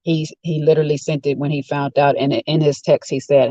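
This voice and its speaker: A man's voice: a little high, little pitch movement, fairly quick, hardly any pauses, warm tone, no room sound, highs cut off. A man giving a rambling, opinionated casual rant while sitting in a car. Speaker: vlogger. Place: inside a car.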